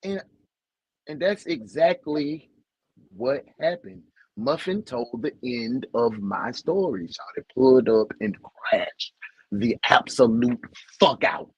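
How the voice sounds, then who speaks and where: A man co-hosting a casual podcast, talking bluntly and profanely, jumping from loud outbursts to low mumbles. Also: takes it slowly, husky, no room sound, poor audio. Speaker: podcast co-host. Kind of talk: candid casual podcast chat.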